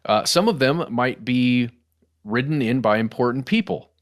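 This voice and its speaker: A man's voice: medium pitch, animated, moderate pace. A middle-aged man co-hosting a podcast, talking through news stories in a loose conversational way and calling listeners "guys" and "y'all.". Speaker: podcast co-host. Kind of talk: casual news discussion.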